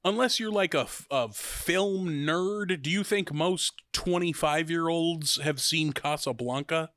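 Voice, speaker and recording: A man in his thirties co-hosting a podcast in relaxed, rambling chat, swearing freely and poking fun at himself. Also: fairly high pitch, a little slow, dry recording, clean studio sound. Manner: swearing, rambling, self-mocking. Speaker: podcast co-host. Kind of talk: casual chat.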